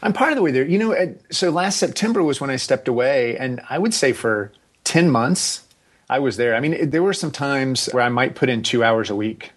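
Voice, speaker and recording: A man in his forties, a podcast guest chatting casually, relaxed and rambling with restarts and asides. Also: medium pitch, fairly quick, husky. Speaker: podcast guest, agency founder. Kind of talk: casual interview chat.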